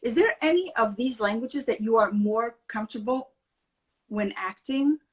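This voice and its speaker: A woman's voice: a little high, moderate pace. A woman hosting an interview, speaking hesitantly with many "um"s as she searches for words. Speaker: interview host. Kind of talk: casual interview chat.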